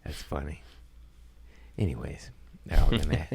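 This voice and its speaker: Low-voiced man telling crude stories. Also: sing-song, gravelly, dark tone, breathy edge. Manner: rambling, crude storytelling with quick put-on voices. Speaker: podcast host. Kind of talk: casual comedic chat. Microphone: studio podcast mic. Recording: dry close studio sound.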